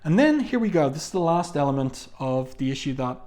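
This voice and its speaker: A man's voice: on the high side, very animated, a little fast, darkish tone. A man talking casually through a comic book review, reading quotes from the panels aloud, with frequent fillers and asides.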